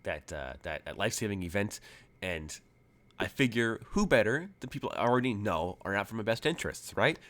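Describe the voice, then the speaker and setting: A man's voice: on the low side, lively intonation, brisk, a bit bright. A man voicing a brash, confident female rockstar with bionic arms in a tabletop game. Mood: eager. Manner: pushy, dismissive.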